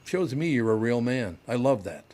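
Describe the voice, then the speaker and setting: A man's voice: medium pitch, sing-song, normal speed, darkish tone. A man hosting a podcast in casual studio chat, blunt and joking, swearing offhandedly. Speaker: podcast host.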